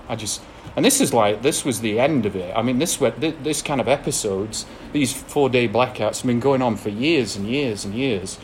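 Barely pausing, an Englishman with a medium-pitched voice and normal pace shares a candid recovery testimony with an audience. He laughs now and then between blunt, self-deprecating details, over a faint hiss or hum.

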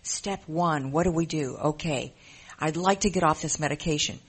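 Speaking at normal speed in a slightly rough, mid-range voice, this recovery program member offers heartfelt personal testimony. Phrases come back again and again as the emotion shows through.

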